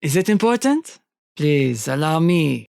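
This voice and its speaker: A game master voicing a falsely polite male hunter villain with a French accent, speaking slowly and smoothly. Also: mid-range voice, sing-song, a little mellow, dry recording, clean studio sound. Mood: mocking. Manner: slow, falsely polite, drawn-out purring.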